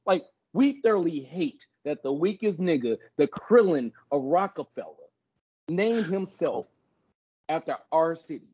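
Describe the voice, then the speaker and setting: A young man with a Southern accent banters brashly on a podcast, swearing freely and talking with a lot of pitch movement. His voice is slightly husky. The sound is dry and close, with no room echo. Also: unhurried. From Memphis, US. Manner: brash, profane, animated ribbing. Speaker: podcast co-host. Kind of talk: casual hip-hop podcast banter.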